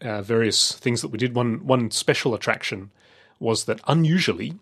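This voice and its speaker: A man's voice: medium pitch, moderate pace, fairly bright tone, husky. A middle-aged man telling a travel story in casual chat, rambling with many fillers and restarts.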